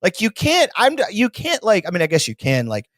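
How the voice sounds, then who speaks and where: A man's voice: high-pitched, wildly swooping pitch, fairly quick, fairly bright tone, no echo, clean studio sound. Rambling, profane man from Texas. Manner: rambling, profane, slips into mocking voices. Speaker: podcast co-host. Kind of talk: casual comedic chat.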